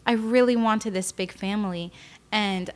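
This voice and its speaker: A woman's voice: medium pitch, fairly even intonation, measured pace, smooth. A young woman speaking candidly as a podcast guest, often emotional and tearful, with many fillers. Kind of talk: candid personal interview.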